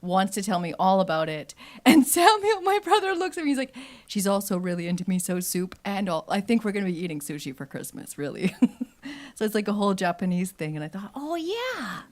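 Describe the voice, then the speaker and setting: A woman's voice: mid-range voice, lively intonation, brisk. A woman at a live open mic, telling a rambling personal story off the cuff and acting out family talk. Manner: rambling, laughs often, acts out family talk. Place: live venue.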